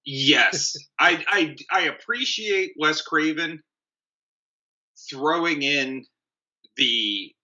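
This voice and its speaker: A man's voice: a little high, lively intonation, extremely slow, pauses often, pushed and bright, muffled recording. A man in his late thirties co-hosting a casual movie review chat, blunt and profane. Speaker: podcast co-host.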